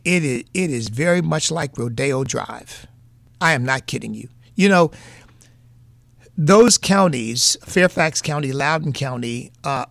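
A man's voice: on the high side, creaky, fairly bright tone, no echo. A man with a New England accent giving earnest, folksy political commentary as a radio host, repeating points for emphasis.

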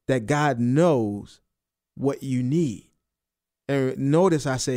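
A man preaching a sermon, repeating and stressing key phrases and rising in pitch on the emphatic ones. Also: slow pace, darkish tone. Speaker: pastor.

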